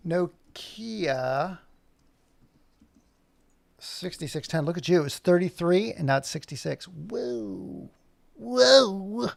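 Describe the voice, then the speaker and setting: Gravelly man rambling on a live stream. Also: fairly high pitch, expressive, slow, long pauses, no echo. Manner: rambling, thinking aloud while fumbling with software; jokey and self-mocking. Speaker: animator streaming his work. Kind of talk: casual live-stream chat.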